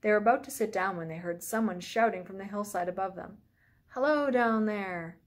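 A woman's voice: mid-range voice, fairly even intonation, fast. Woman teacher reading a storybook aloud. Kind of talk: children's storybook read-aloud.

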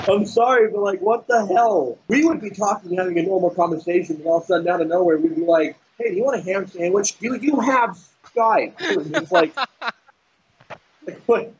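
A man's voice: sits high, lively intonation, moderate pace, darkish tone, a little hiss or hum. A young man chatting casually with a friend, often breaking into laughter and swearing as he mimics someone. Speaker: storyteller among friends. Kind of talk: casual chat. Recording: dull lo-fi audio.

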